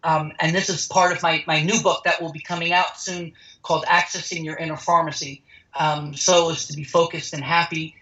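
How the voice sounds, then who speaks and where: A man's voice: fairly high pitch, little pitch movement, moderate pace, bright, forceful tone, muffled recording. A man interviewed as the founder of a healing center, talking emphatically and acting out the people in his stories. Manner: emphatic, acts out quoted dialogue. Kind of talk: animated interview storytelling.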